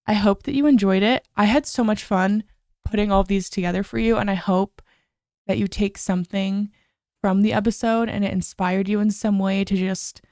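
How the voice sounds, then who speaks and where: A woman's voice: medium pitch, darkish tone, dry recording, clean studio sound. A young woman hosting a podcast, chatting in a bubbly, gushing way full of "like" and "oh my gosh". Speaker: podcast host. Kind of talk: casual chat.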